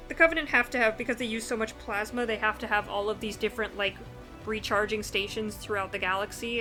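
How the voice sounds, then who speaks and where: A woman co-hosting a casual podcast chat, animated and playfully acting out characters as she recaps. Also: fairly high pitch. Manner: animated, acts out characters with exaggerated quips. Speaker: podcast co-host.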